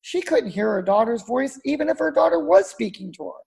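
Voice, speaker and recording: A woman pastor preaching a sermon, telling stories at a measured pace and dropping low and soft to make a point. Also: animated, gravelly.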